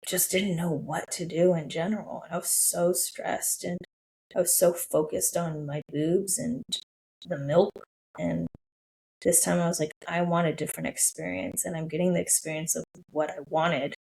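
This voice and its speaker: Gravelly-voiced woman sharing a personal story. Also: lowish voice, mellow, poor audio. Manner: emotional, gushing, with lots of "I was like". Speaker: podcast host. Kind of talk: casual solo podcast storytelling.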